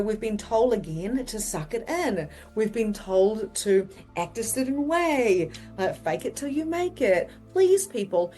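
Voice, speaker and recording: A woman's voice: mid-range voice, darkish tone. Chatty woman spiritual coach teaching. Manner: chatty, fillers like "okay?" and "like", blunt swearing. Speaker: psychic medium and spiritual coach. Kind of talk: casual teaching monologue.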